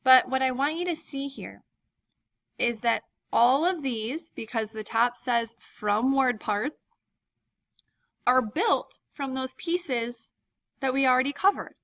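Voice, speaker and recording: Casual woman teaching with gravelly edge. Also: sits high, slow, a bit bright, no echo. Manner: casual, frequent ums, explains step by step. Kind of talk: recorded lecture walkthrough. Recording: dull lo-fi dry recording.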